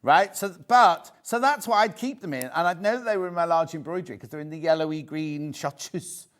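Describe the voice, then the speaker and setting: A British man's fairly high, fairly bright voice moves a little fast as he sells live from a TV studio shopping channel. Chatty and jokey, he keeps repeating prices while displaying products.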